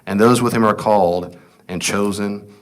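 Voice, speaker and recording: A man's voice: on the low side, fairly even intonation, moderate pace. A middle-aged man teaching a casual Bible class, reading scripture aloud and asking the class questions he then answers himself. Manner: conversational, asks the class questions and answers them.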